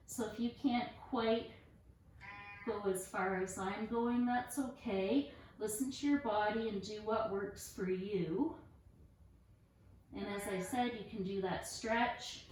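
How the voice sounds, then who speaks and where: A woman instructor talks a yoga class through each pose, calm and encouraging, at an unhurried pace. Her voice sits off-mic in a very echoey room. A faint hum runs beneath it. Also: mid-range voice, distant mic. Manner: calm, encouraging step-by-step cues. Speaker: fitness instructor.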